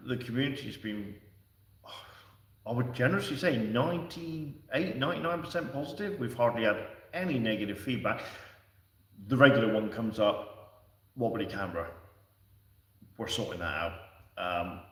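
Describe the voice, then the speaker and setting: A man's voice: on the low side, a bit bright. Chatty man in an echoey room. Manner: chatty and rambling, answering viewers with restarts and fillers. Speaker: livestream host. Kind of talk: casual livestream chat. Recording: echoey room, distant from the mic.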